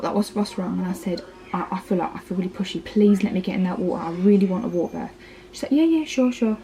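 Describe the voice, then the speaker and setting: A woman's voice: mid-range voice, dark tone, a little hiss or hum, rough recording. Chatty Essex woman in her thirties. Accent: Essex English. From Essex, England. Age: 30s. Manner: chatty, lots of "like" and "um", acts out quoted lines. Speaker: parenting vlogger. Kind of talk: casual birth story retelling.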